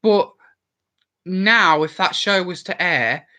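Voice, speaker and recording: A man's voice: sits high, takes it slowly, pushed and bright, rough recording. A man in his twenties from the Worcestershire area with a light Birmingham accent, chatting casually to camera, opinionated and swearing freely. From England, Worcestershire area. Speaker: channel host.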